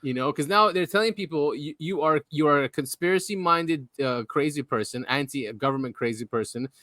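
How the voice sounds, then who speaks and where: A man co-hosting a podcast in a casual, animated way, laughing often and restarting his sentences. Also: fairly high pitch, a little fast, no echo, clean studio sound. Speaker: podcast co-host.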